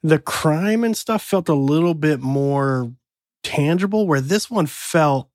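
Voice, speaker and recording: Brief: male podcast co-host, somewhat high voice, bouncy intonation, upbeat and laughing, dry mic. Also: animated, slow, no echo. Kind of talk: casual chat.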